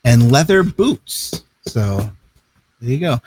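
A man's voice: mid-range voice, very animated, takes it slowly, darkish tone, a little hiss or hum. A man co-hosting a casual chat show, talking in an easygoing, rambling way and laughing often. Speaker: co-host.

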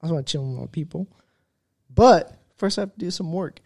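A podcast co-host telling a story in a lively way, acting out other people's lines. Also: mid-range voice, brisk, vocal fry. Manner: animated storyteller, acts out voices. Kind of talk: casual storytelling.

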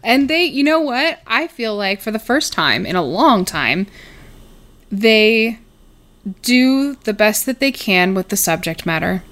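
Podcast co-host: chatty, giggly woman with a bright, forceful tone. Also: on the high side, very animated, unhurried. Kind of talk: casual chat.

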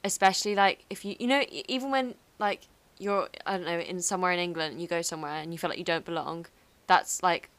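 Young woman chatting, lowish voice, dry close mic, says like a lot. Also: fast, dry recording. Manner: animated storyteller, lots of fillers. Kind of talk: casual chat.

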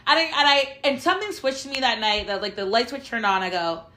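A young woman with a bright, forceful voice pitched a little high tells a personal story in casual conversation. She talks bluntly, swears freely and acts out the lines of the people in her story. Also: quick pace. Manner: candid storytelling with frequent swearing and quoted dialogue. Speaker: podcast host. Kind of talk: casual chat.

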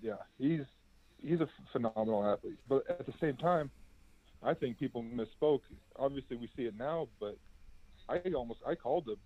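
A man's voice: medium pitch, normal speed. Brief: young male ex-athlete guest, easygoing and rambling, heard through a tinny call line. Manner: laid-back, chatty storytelling with many fillers. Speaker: former college basketball player, guest. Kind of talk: casual interview answers. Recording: tinny phone-like line, dry.

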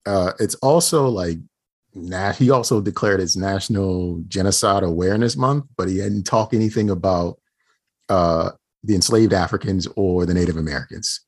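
Husky low-voiced man, dry remarks. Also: moderate pace. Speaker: podcast co-host. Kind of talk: casual podcast banter.

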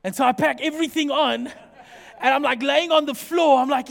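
A man preaching a sermon as pastor, animated and jokey, acting out small everyday scenes as he talks. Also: very high voice, moderate pace, gravelly, long reverb tail.

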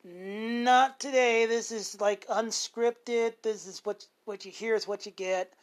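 A man's voice: sits high, fairly even intonation, takes it slowly. A man in his forties, hosting an unscripted monologue. He rambles, corrects himself often and swears freely. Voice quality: rambling, with many self-corrections and fillers. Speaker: show host.

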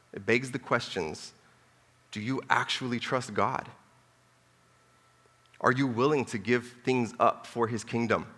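A man preaches a sermon in a loose, chatty style, full of asides and repeated phrases. His voice is bright and forceful. It carries a long reverb from a church hall. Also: mid-range voice. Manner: conversational, joking asides, repeats for emphasis.

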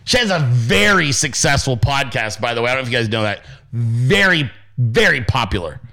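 A man hosting a podcast, ranting in a casual, sarcastic and profane way with loud outbursts. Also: mid-range voice, sing-song, brisk. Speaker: podcast host.

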